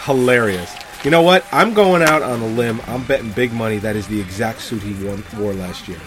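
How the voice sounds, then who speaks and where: A man's voice: mid-range voice, a little fast, background noise. A man in his thirties chatting casually as co-host, blunt and profane, often laughing. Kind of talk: casual chat.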